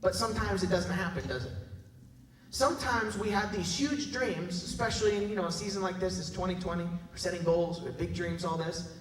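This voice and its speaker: A pastor with a high voice preaches in a large church hall, and his words ring out with a long echo. He sounds animated and jokey, and he keeps checking in with the congregation. The mic is some distance from him. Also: a little fast. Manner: animated, jokey, talks to the crowd with tag questions. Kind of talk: sermon with storytelling.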